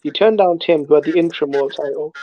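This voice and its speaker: A man's voice: on the high side, fast talker, mellow, slight background noise. A man in casual chat, asking questions in disbelief. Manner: incredulous, questioning. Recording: dull lo-fi sound.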